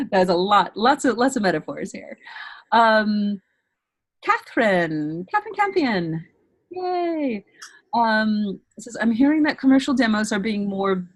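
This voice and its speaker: A woman's voice: mid-range voice, dry recording. A woman hosting a webinar, reading out viewer questions in an upbeat way with hesitant fillers. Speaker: webinar host.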